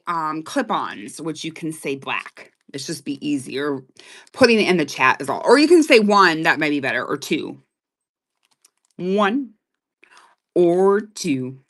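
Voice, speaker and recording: A woman selling jewelry on a live stream in loud, excitable, chatty talk that keeps breaking into laughs. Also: lowish voice. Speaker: live online jewelry seller. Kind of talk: casual live-sale chat.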